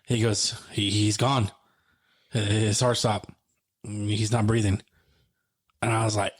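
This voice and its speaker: Low, flat-voiced man telling a story. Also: moderate pace. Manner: retells events by acting out quoted phone dialogue. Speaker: podcast co-host. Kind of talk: emotional storytelling in casual conversation.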